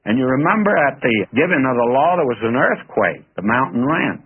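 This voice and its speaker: A man's voice: medium pitch, big pitch swings, fairly quick, breathy edge. A man preaching a radio sermon in a folksy, earnest way, talking straight to his listeners. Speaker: radio Bible teacher. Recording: tinny phone-like radio broadcast.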